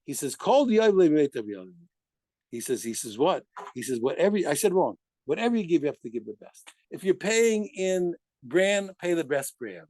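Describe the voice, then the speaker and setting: A man teaching a daily Talmud study lesson in an animated way, asking himself rhetorical questions and answering them, and often stopping to correct himself. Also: fairly high pitch, moderate pace. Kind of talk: daf yomi study lesson.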